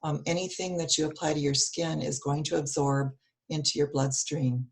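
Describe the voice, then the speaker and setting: A woman with a low, gravelly, hoarse voice gives earnest wellness advice over a video call. She talks steadily with plenty of ums and uhs. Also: fairly even intonation, normal speed. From Wisconsin, US. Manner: earnest, advice-giving, with many fillers. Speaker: guest speaker on wellness. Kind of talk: casual online meetup talk. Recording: video call audio with dropouts.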